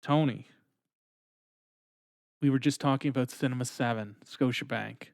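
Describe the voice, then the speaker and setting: A man's voice: medium pitch, fairly even intonation, moderate pace, gravelly, a little mellow, dry recording, studio quality. A man co-hosting a casual podcast chat, enthusiastic and swearing freely, with many "like" fillers. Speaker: podcast co-host.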